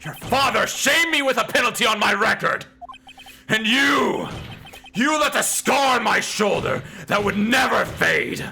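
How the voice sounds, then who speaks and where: A man voicing a furious, vengeful older male prosecutor from a video game, shouting in drawn-out bellows. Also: medium pitch, sing-song, faint music behind, full character voice.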